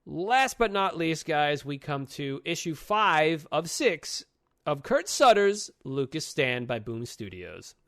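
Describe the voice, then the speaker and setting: A man's voice: on the high side, very animated, slow pace, a bit bright, no room sound, clean studio sound. A young man co-hosting a casual comic book podcast. He talks profanely and acts out characters' lines. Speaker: podcast co-host.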